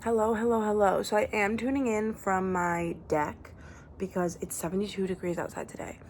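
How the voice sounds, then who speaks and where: A woman's voice: medium pitch, fairly even intonation, normal speed, a little mellow, a little hiss or hum. A young woman book vlogger talking casually and effusively, thinking aloud with plenty of fillers while sitting outdoors on her deck. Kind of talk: casual chat.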